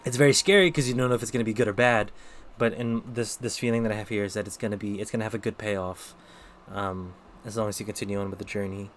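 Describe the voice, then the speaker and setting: A man's voice: on the low side, steady tone, quick pace, hardly any pauses, a bit bright, slight background noise. A man streaming live, giving casual tarot readings and chatting with viewers, thinking aloud with lots of fillers. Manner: talks to chat between readings.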